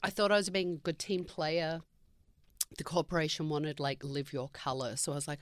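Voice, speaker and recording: A woman's voice: sits low, normal speed, fairly bright tone, no echo. Wry teasing woman guest. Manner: wry, teasing, laughs often. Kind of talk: casual chat.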